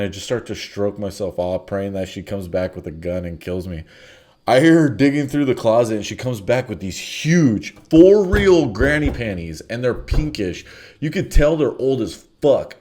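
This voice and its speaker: A man's voice: on the low side, a little mellow. A man telling a crude comedic story in a blunt, offhand way, with bored asides.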